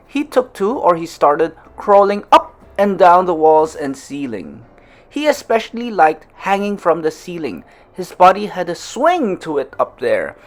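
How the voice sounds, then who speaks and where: A storyteller reading a classic tale aloud, stopping often to restate harder words in simpler English and acting out the quoted lines playfully. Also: medium pitch. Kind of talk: read-aloud storytelling with word explanations.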